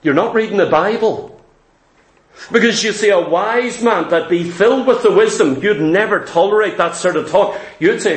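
A man's voice: sits high, moderate pace. A man preaching a sermon with fervor, firing off rhetorical questions and quoting opponents mockingly. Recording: echoey room.

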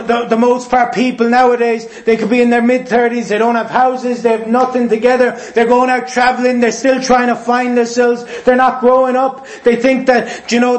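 High-voiced man preaching in echoey room. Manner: forceful, repetitive, mimics voices. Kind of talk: sermon. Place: church hall.

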